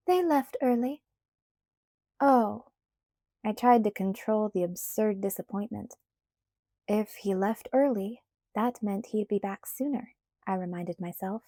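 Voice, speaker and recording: Woman audiobook narrator, first-person read, warm mellow tone, steady pacing, dry sound. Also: medium pitch, unhurried, no echo.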